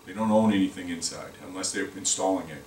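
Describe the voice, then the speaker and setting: In a meeting room lunch-and-learn, a male sales rep with a low, darkish voice gives a quick-paced product training talk in fairly even intonation. He rambles, repeating words and restarting frequently. Recorded from far away in an echoey space, faint noise is audible.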